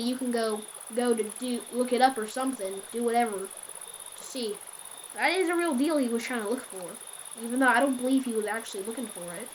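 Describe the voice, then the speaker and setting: A woman's voice: fairly high pitch, a little hiss or hum. A woman casually telling a scary story in a rambling, self-correcting way.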